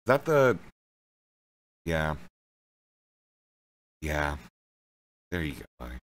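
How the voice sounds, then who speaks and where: A man's voice: extremely low pitch, very animated, takes it slowly, a bit bright. A man streaming live, chatting casually to his viewers with loose, profane commentary. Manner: loose, profane, addresses chat directly.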